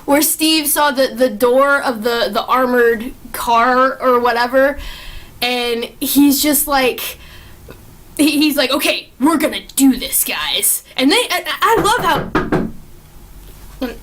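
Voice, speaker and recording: A young woman with a bright, high voice chats casually about a film she loves. Her talk is excitable and gushing, peppered with swearing and constant fillers as she rambles from one favorite moment to the next. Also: takes it slowly, pauses often. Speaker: movie reviewer. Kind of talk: casual chat.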